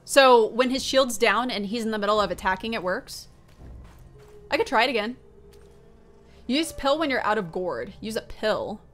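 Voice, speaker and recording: A woman streaming a video game, shouting in panic during fights and thinking aloud calmly between them. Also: fairly high pitch, moderate pace, long pauses, faint music behind. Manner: panicky shouting, then calm musing. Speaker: gaming streamer. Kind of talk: live gameplay commentary.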